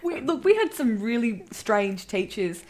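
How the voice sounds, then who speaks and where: A young woman, co-hosting a casual chat and recalling school days in a relaxed, giggly way. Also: fairly high pitch, a little slow. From Australia. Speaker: podcast co-host.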